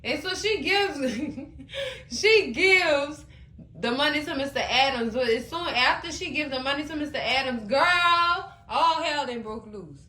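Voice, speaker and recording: A woman hosting a casual TV recap, animated and exclaiming as she retells the episode. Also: high-pitched, measured pace, reverberant. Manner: animated, exclaiming and laughing between comments. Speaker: TV recap host.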